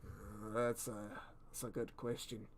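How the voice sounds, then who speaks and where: A man playing a tabletop game, speaking in character with halting restarts. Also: lowish voice, little pitch movement. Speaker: player.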